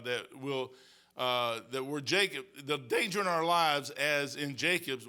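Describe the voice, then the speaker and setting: Bright-voiced preacher man in his sixties. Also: medium pitch, clean tone. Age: 60s. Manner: emphatic, folksy storytelling with asides. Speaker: pastor. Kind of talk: sermon.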